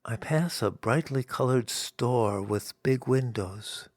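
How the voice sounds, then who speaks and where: An American man narrating his own story in the first person, wry and self-mocking, in a slow, unhurried telling. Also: mid-range voice, no room sound, clean studio sound. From United States.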